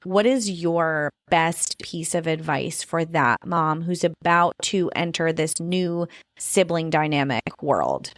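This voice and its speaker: A woman in her thirties hosts a podcast in an easy, chatty way, sprinkling "you know" and "like" through her sentences. Her voice sits a little low for a woman. The sound is dry and close, with no room echo. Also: takes it slowly. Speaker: podcast host. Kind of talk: casual conversational interview.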